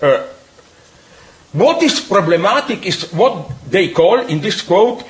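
Emphatic man with a lively, swinging voice. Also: high voice, poor audio. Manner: emphatic, with frequent apologetic asides and many "uh" pauses. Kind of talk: animated spoken argument.

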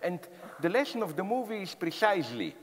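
Animated man lecturing in a reverberant hall. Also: high-pitched, a little fast, a little hiss or hum. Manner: animated, emphatic, with frequent fillers and restarts. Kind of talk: public lecture.

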